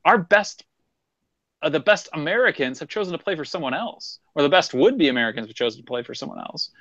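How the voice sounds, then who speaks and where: A man's voice: a little high, lively intonation, brisk, a bit bright, no echo, muffled recording. A man co-hosting a casual sports chat, blunt and swearing freely as he argues his points in bursts. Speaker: podcast co-host.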